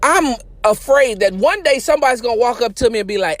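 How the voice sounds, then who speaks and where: Brief: male podcast host, high voice, playful joker, dry close sound. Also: animated, quick pace, no room sound. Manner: joking, playful storyteller who acts out quotes. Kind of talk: casual sports talk podcast.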